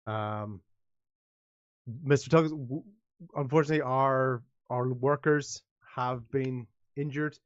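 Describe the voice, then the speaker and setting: A man voicing a flustered small-town male mayor who speaks in halting, official, placating phrases. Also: medium pitch, fairly even intonation, no room sound, muffled recording, close to an everyday voice. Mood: grave.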